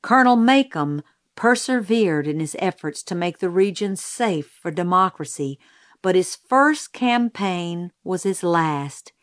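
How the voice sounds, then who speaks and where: A woman giving a measured storybook narration. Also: lowish voice, expressive. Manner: unhurried, measured reading. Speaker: audiobook narrator.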